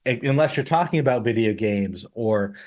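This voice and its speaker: A man with a mid-range voice hosts a gaming podcast in easy conversation. His pitch jumps up when he gets incredulous. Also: lively intonation, moderate pace, a little mellow. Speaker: podcast host. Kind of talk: casual podcast chat.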